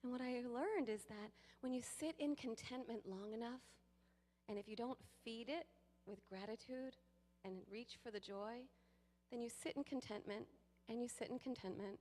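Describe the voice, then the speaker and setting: A woman giving a sermon to a congregation, lively and playful, with laughing asides to the people in the pews. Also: a little high, normal speed. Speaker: guest speaker. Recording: long hall reverb.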